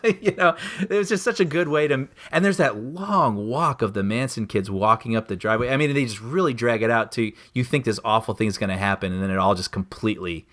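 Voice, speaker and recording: A man's voice: medium pitch, a little fast, few pauses, a bit bright. A man co-hosting a podcast, chatting casually and enthusiastically about a movie, laughing often and acting out scenes. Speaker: podcast co-host. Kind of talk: casual film discussion.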